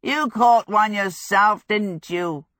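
A grumpy, sleepy male fire demon , as a woman narrator puts him on, dragging out each word in an unhurried storybook drawl. The voice sits at an ordinary height, and the recording is close and dry. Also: medium pitch, a bit bright, dry recording. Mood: grumbling.

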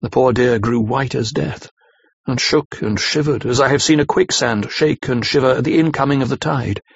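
A man narrating a classic novel in a measured, even reading. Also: medium pitch, gravelly, breathy edge, no echo. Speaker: audiobook narrator. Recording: slightly dull lo-fi recording.

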